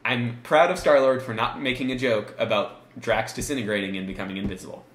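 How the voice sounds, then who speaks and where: A man's voice: mid-range voice, fairly even intonation, fairly quick, fairly bright tone. A man co-hosting a casual podcast, talking animatedly and laughing often. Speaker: podcast co-host. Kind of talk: casual chat. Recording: roomy echoey room.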